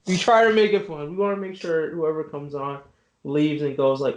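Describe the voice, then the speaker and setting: A man's voice: fairly high pitch, steady tone, moderate pace, dull audio, a crowd in the background. A man hosting a podcast interview, laid-back and joking, using casual slang. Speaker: podcast host.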